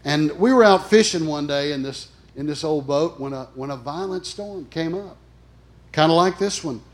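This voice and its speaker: Man, middle-aged, sermon, emphatic, loud-soft swings, somewhat high voice. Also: normal speed. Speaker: chaplain preacher.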